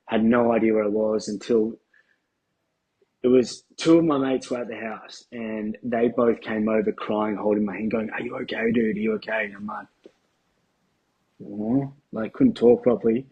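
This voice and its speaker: A man, a podcast guest telling a candid personal story in a casual, halting way with restarts and swearing. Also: on the low side, fairly even intonation, dark tone, breathy edge, highs cut off. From Australia.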